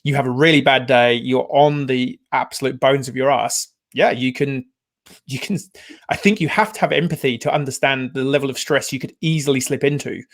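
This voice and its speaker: A male podcast host with a medium-pitched voice tells stories in an animated, rambling way. He often restarts his sentences mid-thought. The conversation stays casual throughout. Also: a little fast.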